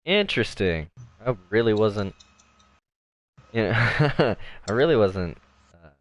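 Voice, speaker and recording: Low-voiced casual male race commentator. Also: sing-song, slow, no echo. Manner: casual, filler-heavy play-by-play. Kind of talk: sim racing commentary.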